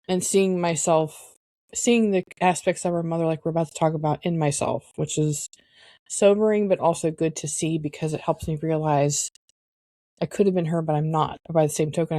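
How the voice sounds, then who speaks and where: A woman co-hosting a podcast, talking candidly and reflectively, pausing often to search for words. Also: lowish voice, mellow, no room sound. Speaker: podcast co-host. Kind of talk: candid personal conversation.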